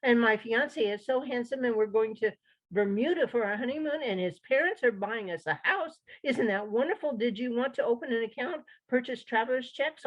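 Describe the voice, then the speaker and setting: A woman's voice: fairly high pitch, muffled recording, pitched above the performer's own voice. A woman reader voicing a bubbly young bank teller who chatters breathlessly without stopping.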